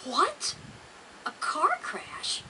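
A frightened young boy, voiced by a woman in a game cutscene, his voice high and bright, swinging widely in pitch. He speaks in a hushed, half-whispered way and holds firm when no one believes him. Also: wildly swooping pitch, extremely slow, far from the mic, a little hiss or hum, heavily acted, poor audio. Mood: insistent. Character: grieving young boy, frightened but insistent. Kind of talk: dubbed video game cutscene.

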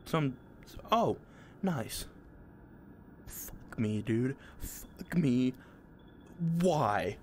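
A man's voice: mid-range voice, lively intonation, very slow, long pauses, a little mellow, slight background noise. A young man giving nervous, jumpy commentary while playing a horror game, swearing and pleading with what he sees. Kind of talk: nervous let's-play commentary.

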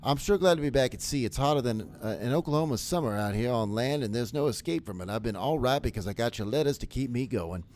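Brief: man doing a folksy drawling soldier, tender, homesick, lively pitch. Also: quick pace, hardly any pauses, slight background noise, close to an everyday voice. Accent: put-on Southern drawl. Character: homesick male soldier writing to his wife.

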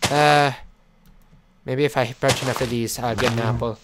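A man's voice: mid-range voice, fairly even intonation, normal speed. Male let's play host, playful commentary, chides his pet; audible background noise and clicks. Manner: playful, scolds and chats to his in-game animal. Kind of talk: gameplay commentary.

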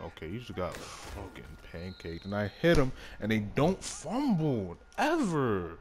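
Young man reacting loudly to a game. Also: on the low side, wildly swooping pitch, unhurried, hardly any pauses, slight background noise. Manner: swears freely, frequent outbursts at the game. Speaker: gaming YouTuber. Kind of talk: casual live commentary over gameplay.

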